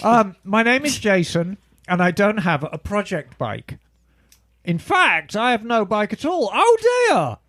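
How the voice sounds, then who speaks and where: A man co-hosts a casual podcast and reads a listener's letter aloud, throwing in playful joking asides. His voice sits high and swoops around with lively pitch. The sound is dry and close. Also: unhurried, no room sound. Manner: playful, breaks into mock British asides while reading. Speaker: podcast co-host. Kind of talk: casual chat, reading listener email aloud.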